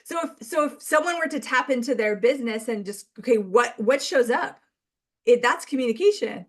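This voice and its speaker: A woman's voice: on the high side, expressive, normal speed. A woman from Canada talking as a guest on a podcast, chatty and acting out bits of dialogue as she goes. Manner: chatty, acts out quoted dialogue, laughs often. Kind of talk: casual chat.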